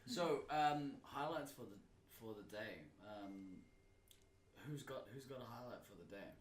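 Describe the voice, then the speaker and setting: A man's voice: mid-range voice, measured pace, far from the mic. An Australian man hosting a casual podcast, rambling and self-deprecating, often laughing. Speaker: podcast host. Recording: echoey room with crowd noise.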